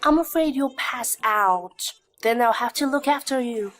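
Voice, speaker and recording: A teasing unflappable young wife. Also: female voice, on the high side, fairly bright tone. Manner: brisk and teasing, dryly mocking. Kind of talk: dubbed drama acting.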